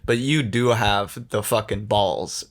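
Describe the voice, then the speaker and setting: A man's voice: fairly low pitch, takes it slowly. A young man hosting a casual podcast chat, rambling, swearing a lot and laughing often. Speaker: podcast host.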